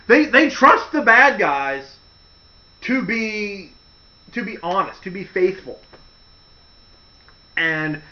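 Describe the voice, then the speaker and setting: In dull lo-fi audio, a man's high, pushed, bright voice carries a laid-back wrestling story from a commentary host. He mimics the quoted lines with mocking voices.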